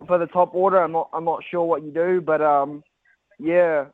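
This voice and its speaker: A man's voice: fairly high pitch, steady tone, normal speed, no room sound. A man calling a talkback radio show, talking with lots of hesitant ums. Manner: hesitant, many ums, earnest. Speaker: caller. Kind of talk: casual phone-in chat. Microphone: phone. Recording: dry tinny phone line.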